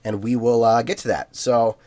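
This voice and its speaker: A man of middle pitch co-hosts a casual podcast. He reads listener emails aloud in a loose, easygoing way. He leans on fillers and laughs often. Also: moderate pace. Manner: relaxed, filler-heavy, laughs easily. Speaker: podcast co-host.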